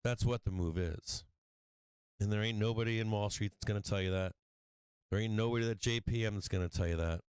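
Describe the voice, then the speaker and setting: A man's voice: fairly low pitch, a little fast, a little mellow, clear, resonant tone, no room sound. A man hosting a stock market livestream, talking casually and bluntly, swearing often and laughing a lot. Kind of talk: casual trading livestream talk.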